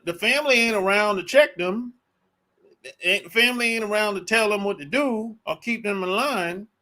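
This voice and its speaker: A man's voice: high-pitched, bright, forceful tone. A man hosting a dating channel, giving a casual, blunt, slangy opinion monologue and repeating his points.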